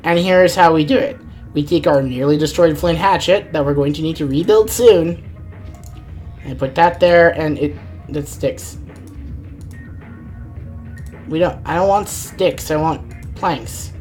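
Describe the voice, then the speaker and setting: A woman's voice: low voice, normal speed, a little mellow, soft background music. A woman streaming a game live, rambling and thinking aloud, often exasperated at what happens on screen. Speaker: gaming streamer. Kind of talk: live let's-play commentary.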